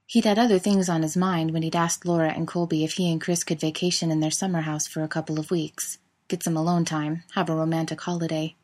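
A woman narrating fiction in a steady, expressive reading voice. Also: low voice, fairly quick.

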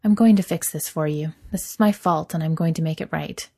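A woman voicing a playful, dramatic young male wizard, teasing and animated. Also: low voice, fairly quick, gravelly, breathy edge, heavily acted.

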